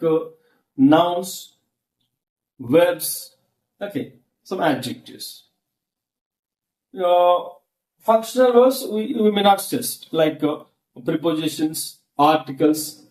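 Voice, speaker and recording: A man with a Telugu accent teaches English pronunciation, his voice pitched somewhat high. He speaks very slowly, repeating each example word several times as a drill. Fillers and "okay" mark every step. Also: darkish tone. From India. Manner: slow, deliberate, repeats words for drilling; frequent fillers and "okay" between points. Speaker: English lecturer. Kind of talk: classroom lesson on word stress.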